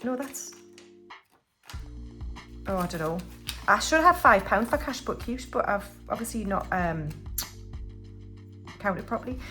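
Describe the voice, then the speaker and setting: A woman's voice: medium pitch, lively intonation, measured pace, pauses often, sharp tone, faint music behind. A woman from the UK hosting a casual budgeting vlog, chatting and counting banknotes aloud while laughing at her own slips. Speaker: budgeting channel host. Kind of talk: casual cash-stuffing vlog.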